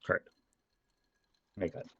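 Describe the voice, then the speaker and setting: A man's voice: normal speed, a bit bright, no room sound, highs cut off. A man playing a tabletop game, chatty and poking fun at his own careful character. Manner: chatty, self-mocking, in-character musing. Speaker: player.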